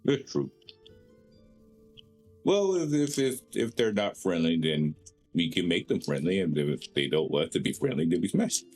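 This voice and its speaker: Deep, husky, swooping man at the game table. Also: big pitch swings, unhurried, a little mellow, faint music behind. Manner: playful, joking. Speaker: player. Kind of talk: casual tabletop play.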